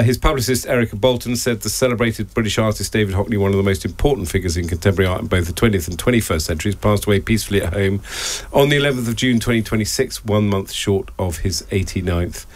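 A man hosting a casual radio chat show, bantering playfully. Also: fairly low pitch. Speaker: host.

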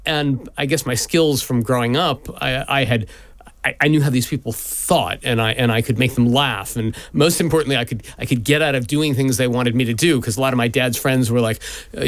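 A man's voice: medium pitch, fairly quick, dry recording. A man in his fifties from the United States, a guest in a radio interview, telling stories candidly with many fillers and restarts. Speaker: guest, lawyer and businessman.

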